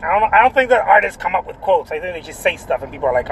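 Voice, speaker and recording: High-voiced rambling man outdoors. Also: sing-song, fast, a little hiss or hum, poor audio. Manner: rambling, repeats himself, many "right?" tags. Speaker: artist talking about art. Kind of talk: casual vlog talk.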